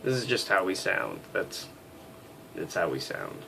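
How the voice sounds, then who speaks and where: Slow-talking man, self-mocking game commentary. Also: deep voice, wildly swooping pitch, gravelly, noisy background. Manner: self-mocking, swears freely. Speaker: let's play host.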